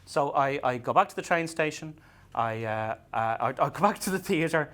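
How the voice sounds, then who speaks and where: A man's voice: a little high, animated, a bit bright. Irish guy doing stand-up, voice jumps all over the place, keeps stammering and repeating himself. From Ireland. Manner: halting, stammers and repeats words while telling self-mocking stories. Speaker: stand-up comedian. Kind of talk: stand-up comedy set. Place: comedy venue stage.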